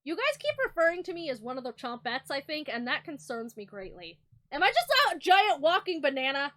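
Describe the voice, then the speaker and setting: Young woman streamer, high and swingy, excitable and profane, reads game text aloud. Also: a little fast. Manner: excitable, profane, mock-indignant. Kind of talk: casual gameplay commentary, reading game text aloud.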